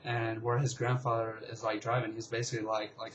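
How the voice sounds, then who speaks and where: A young man casually telling a long story, rambling and excitable, with lots of fillers. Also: mid-range voice, brisk, hardly any pauses, lo-fi sound, a little hiss or hum. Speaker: vlogger.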